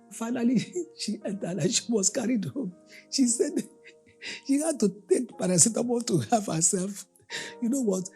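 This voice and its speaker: A woman with a medium-pitched, slightly rough voice preaches a storytelling sermon. She's an animated storyteller, relating everyday tales and acting out the people in them.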